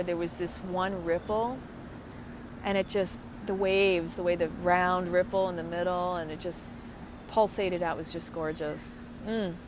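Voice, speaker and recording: A woman co-hosting a casual live-stream, chatting warmly and effusively to viewers and greeting them by name outdoors at a waterfront. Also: fairly low pitch. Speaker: co-host of an online live show. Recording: outdoor recording with clear traffic noise. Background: outdoor ambience and passing vehicles.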